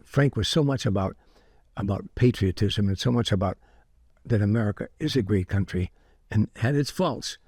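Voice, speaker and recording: An older man, a comedian guest, telling anecdotes in an interview with lively restarts. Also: on the low side, normal speed, breathy edge, no echo, studio quality. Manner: anecdotal, animated with repeated restarts. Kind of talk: storytelling interview.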